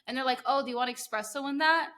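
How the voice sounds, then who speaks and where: A young woman from New Jersey with a New Jersey accent, hosting a podcast and telling stories in an animated way, full of "like"s and quick laughing asides. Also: high voice. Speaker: podcast host. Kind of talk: casual interview chat.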